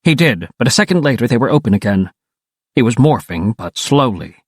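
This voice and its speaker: An animated male audiobook narrator with a wry, playful touch, his pitch jumping and swooping for effect. The reading is dry and close-miked, with no room around it. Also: a little fast, no room sound. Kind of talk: first-person audiobook narration.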